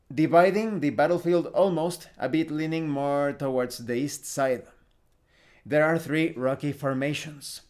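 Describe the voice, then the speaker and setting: This solo tabletop game tutorial is led by a man who both hosts and plays alone. His voice is fairly high-pitched with a touch of mellowness, and he walks through the rules and describes the scene one step at a time, occasionally restarting a phrase.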